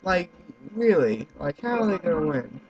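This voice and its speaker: Young man, gaming commentary, swears and shouts, lively pitch, a bit muffled, faint hiss. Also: moderate pace, gravelly. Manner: excitable, swears a lot, yells at other players. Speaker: gaming YouTuber. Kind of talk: let's-play commentary. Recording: slightly muffled with faint noise.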